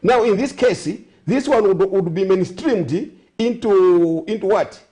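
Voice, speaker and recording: A man's voice: high voice, measured pace, mellow. A man with a Zambian accent, a guest on a breakfast talk show, speaking in a rambling way with frequent self-corrections and sarcastic asides. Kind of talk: studio talk show discussion.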